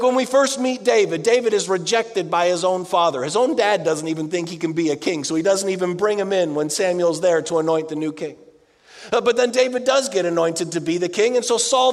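A man preaching a sermon, swinging between loud outbursts and hushed, low delivery. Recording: long hall reverb.

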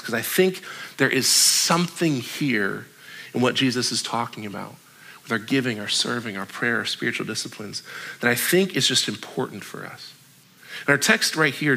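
A young male pastor delivers a sermon in a bright, lively voice at an everyday middle pitch. He stays conversational and jokey, tossing in quick asides as he preaches. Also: gravelly, breathy edge.

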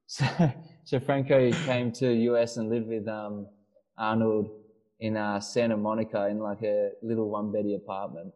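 A man's voice: on the low side, little pitch movement, normal speed, a little mellow, low-quality recording. A man co-hosting a casual podcast, telling a long story with many restarts and fillers. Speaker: podcast co-host. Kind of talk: casual chat.

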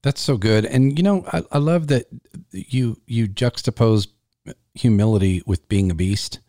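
A man's voice: lowish voice, a little slow, dark tone. A man hosting an interview podcast, talking in an easygoing, conversational way. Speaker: podcast host. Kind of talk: casual interview.

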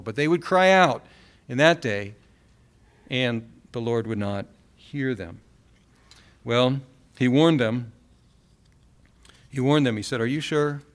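A man preaching a sermon, reading Bible verses aloud and repeating key phrases for emphasis. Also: medium pitch.

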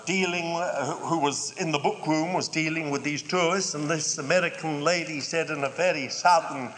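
A man's voice: a little high, steady tone, a bit bright, slight background noise. An older British man preaching a sermon, stretching key words out and dropping in wry, humorous asides. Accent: British English. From United Kingdom. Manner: measured, drawn-out emphasis with wry humorous asides. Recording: long hall reverb.

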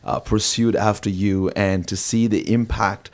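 A man with a low voice hosts a relaxed interview. He warmly affirms what his guest shares and then moves things along with open questions. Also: unhurried. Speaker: interview host. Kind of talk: casual interview.

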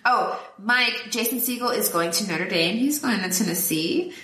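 A woman's voice: medium pitch, expressive, moderate pace, bright, forceful tone, echoey room, recorded from a distance. A woman co-hosting a podcast, recapping a film in casual chat, laughing often and acting out characters' lines. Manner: chatty, laughs often, quotes characters in voices. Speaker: podcast co-host.

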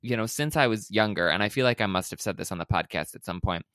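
A man's voice: lowish voice, fast talker, clear, resonant tone, no echo, studio quality. A man co-hosting a podcast, telling rambling stories full of tangents in a casual chat. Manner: rambling, animated storytelling with tangents. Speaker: podcast co-host.

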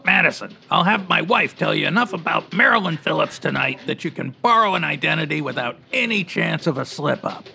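Gravelly, sharp-toned gruff city editor. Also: mid-range voice, expressive, brisk, few pauses. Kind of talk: old-time radio-drama acting.

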